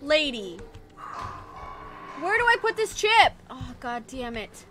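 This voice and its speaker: A young woman streaming a horror game, swearing, muttering low and yelping in fright. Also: very animated, slow pace, fairly bright tone, soft background music. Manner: jumpy and profane, mutters low then yelps in fright. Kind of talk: casual let's-play commentary.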